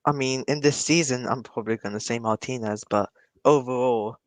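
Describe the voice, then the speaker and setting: A man guesting on a football podcast, giving measured opinions with "you know" fillers. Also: medium pitch, no room sound. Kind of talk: casual chat.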